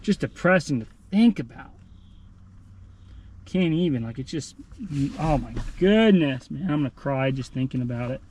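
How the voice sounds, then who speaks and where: A man's voice: mid-range voice, animated, normal speed, a little mellow. A man rambling and joking casually in a running vlog, sweaty and out of breath, talking into a handheld phone outdoors. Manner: rambling, jokey, self-deprecating. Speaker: vlogger.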